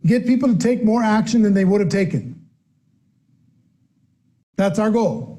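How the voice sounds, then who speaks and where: A man giving a live training talk on network marketing, asking the audience questions and acting out quoted voices with lively energy. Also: high-pitched, measured pace. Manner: animated, acts out quoted voices.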